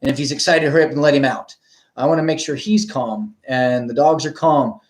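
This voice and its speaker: A man, a dog trainer, explaining in a relaxed, rambling way with frequent ums and asides to viewers. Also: mid-range voice, fairly quick. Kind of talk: casual instructional talk.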